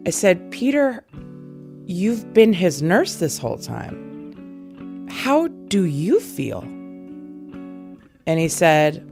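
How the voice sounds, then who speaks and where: A woman's voice: fairly low pitch, sing-song, creaky, over music. Woman in her forties retelling intensely. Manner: intense, halting retelling that acts out quoted dialogue. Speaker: interviewee. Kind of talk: personal storytelling.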